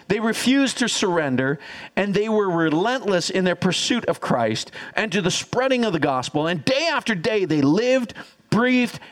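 A man preaching a sermon as pastor, energetic and teaching, calling on the congregation to repeat after him. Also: sits high. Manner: energetic, teaching, audience call-and-response.

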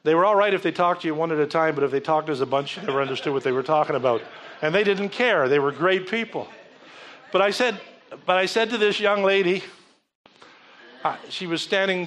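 Man preaching in a lively storytelling way. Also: a little high. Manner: conversational storytelling preaching with audience call-outs. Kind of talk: sermon.

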